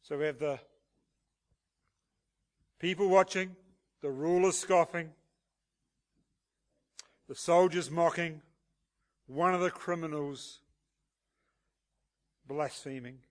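Male pastor, higher register, walks the congregation through the text. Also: takes it slowly, pauses often. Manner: expository preaching with rhetorical questions. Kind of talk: sermon.

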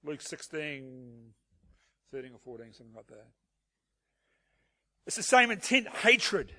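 High-voiced man preaching a sermon. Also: very animated, measured pace, pushed and bright. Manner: expository preaching with rhetorical questions. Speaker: pastor.

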